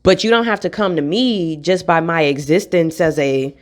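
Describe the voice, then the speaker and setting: A woman's voice: fairly low pitch, normal speed. A young adult woman vlogging to camera in a casual rant, blunt and profane.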